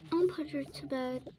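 A woman voicing a whole family in a casual role-play, full of excited exclamations and squabbling. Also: sits high. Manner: quick back-and-forth of excited exclamations and squabbling. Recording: noisy home recording.

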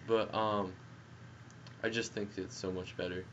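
Excitable young gamer on a headset. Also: male voice, lowish voice, unhurried. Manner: excitable, jokey, yells at the game. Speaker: gameplay commentator. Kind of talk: casual gameplay commentary. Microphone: gaming headset. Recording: dull headset audio with faint noise.

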